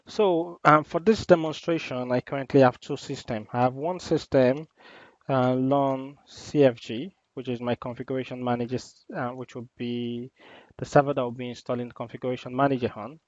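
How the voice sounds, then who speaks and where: A man teaching an IT lesson in a screen-recorded demo, explaining each step in a relaxed way with many ums and uhs. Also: medium pitch, moderate pace, no room sound. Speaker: IT instructor. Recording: dull, lo-fi dry voice-over.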